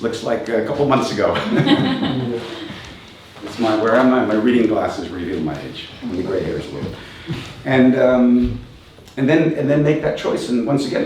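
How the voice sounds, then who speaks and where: A man's voice: medium pitch, normal speed, darkish tone. A man in his fifties giving a reflective live talk as a coach, asking rhetorical questions and chuckling often. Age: 50s. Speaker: motivational speaker and coach. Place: event venue with a live audience. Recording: very echoey room, distant mic, faint noise.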